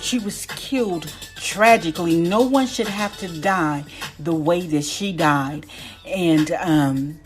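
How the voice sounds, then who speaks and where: A middle-aged woman giving a spiritual testimony as an inspirational speaker, speaking slowly and emotionally and repeating her phrases. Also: medium pitch.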